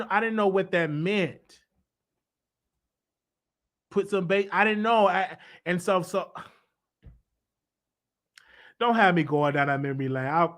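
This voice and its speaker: This is a high-pitched, fairly bright male voice. He's running a live call-in stream, chatting loosely and energetically with callers, and he often starts over and says the same phrases again.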